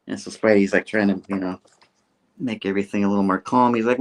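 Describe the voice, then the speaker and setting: A man's voice: fairly low pitch, fast. A man hosting a show, casually recapping a story with lots of fillers. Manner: animated, full of fillers. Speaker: host.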